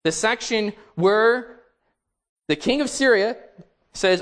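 A man preaching a sermon, reading scripture aloud with slow, emphatic stresses and dramatic rises. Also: high-pitched, animated, a bit bright.

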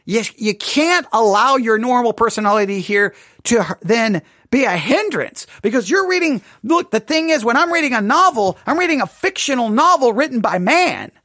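A Bible teacher giving a dramatic, animated study lesson, acting out people's reactions and dropping to a hush when reading scripture. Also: mid-range voice, moderate pace, hardly any pauses, dry recording, studio quality.

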